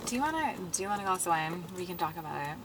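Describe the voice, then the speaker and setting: A woman's voice: lowish voice, very animated, racing, fairly bright tone, slight background noise. A woman in her thirties, tipsy after a few drinks, chatting bluntly and laughing often with profane remarks. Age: 30s. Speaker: taxi passenger. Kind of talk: casual chat.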